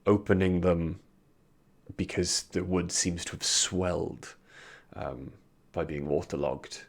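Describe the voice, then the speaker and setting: A man's voice: low voice, fairly even intonation, slow pace, vocal fry. A British man running a tabletop game as dungeon master, narrating casually with lots of ums and restarts. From Britain.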